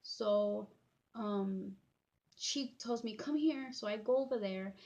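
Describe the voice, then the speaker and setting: A woman in her thirties tells a personal story to her viewers, her speech halting and full of fillers and restarts. She sounds tearful, and her voice has a gravelly edge. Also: mid-range voice, steady tone, darkish tone. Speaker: vlogger.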